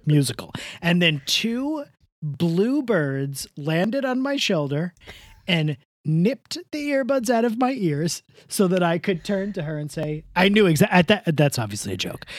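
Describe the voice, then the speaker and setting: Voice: medium pitch, no room sound, studio quality. A podcast co-host telling a story in casual chat, joking and swearing along the way. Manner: jokey storyteller, given to tangents and swearing.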